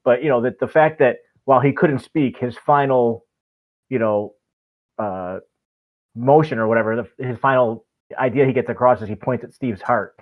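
A man talks through a casual podcast discussion, enthusiastic and rambling, full of fillers. His voice comes over a thin, phone-like line. The pitch sits at a middling level. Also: normal speed. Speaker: podcast co-host.

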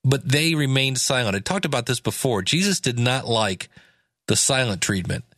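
A man's voice: medium pitch, moderate pace, no echo, clean studio sound. A man teaching from the Bible in a casual way, reading scripture aloud and then paraphrasing it in laid-back slang. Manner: animated, acts out quoted lines.

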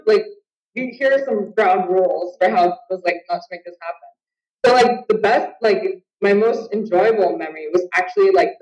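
A woman's voice: medium pitch, darkish tone, lo-fi sound. Chatty woman on a roomy, distant call. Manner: chatty, heavy use of filler "like". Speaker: guest, Muay Thai fighter. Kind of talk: casual interview chat. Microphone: video call.

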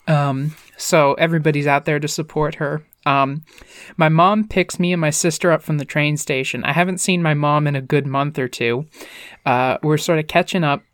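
Woman podcast co-host, low-set voice, dry close sound, lively laughing storyteller who curses casually. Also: normal speed, no room sound. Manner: animated storyteller, laughs often, swears freely. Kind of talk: casual comedic chat. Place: basement.

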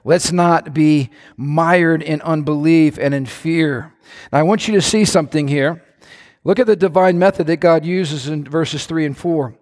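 A male pastor with a notably high voice, preaching with fervor that swells into shouts and then eases into joking asides. His words ring with the long reverb of a large hall. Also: unhurried. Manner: impassioned, rising to shouts, playful asides. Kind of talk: sermon.

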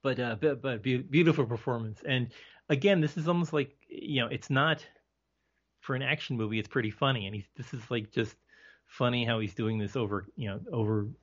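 A man chats as a podcast guest, sharing opinions in a loose, hesitant way full of fillers and restarts. His voice sits at an ordinary middle pitch, and the recording sounds slightly dull and lo-fi. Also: fairly quick, fairly bright tone. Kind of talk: casual movie discussion.

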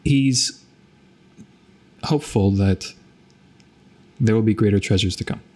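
A man narrating a tabletop role-playing game as game master, halting and repeating words often. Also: lowish voice, a little mellow.

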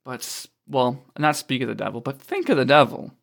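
A man's voice: mid-range voice, lively intonation, brisk, gravelly, a bit bright. A man co-hosting a casual let's play, joking, swearing and laughing as he narrates. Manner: jokey, laughs often, swears freely. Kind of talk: casual gaming banter.

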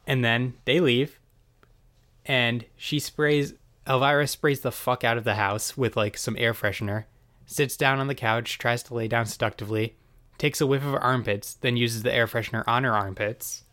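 A man giving a casual, rambling recap of a TV episode, wry and quick with crude asides. His voice sits at a middle pitch for a man and sounds like his everyday speaking voice. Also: steady tone, fairly bright tone, no room sound.

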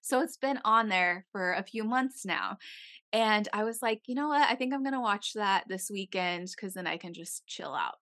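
This podcast co-host, a young woman, has a mid-range, pushed and bright voice with lively intonation at a moderate pace. She chats casually and spins a long story, swearing freely and saying "like" constantly.

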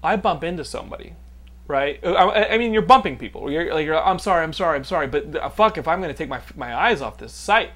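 A man's voice: a little high, lively intonation, brisk, fairly bright tone. A man in his thirties from Texas, hosting a casual podcast and telling rambling, profane stories that he laughs through. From Texas, United States. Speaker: podcast host. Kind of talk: casual podcast chat and storytelling.

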